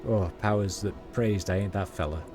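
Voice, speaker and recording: A man's voice: lowish voice, measured pace, over music, lightly acted. A man voicing a chatty, superstitious male rat catcher, reading slangy street talk aloud with small stumbles. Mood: gossipy.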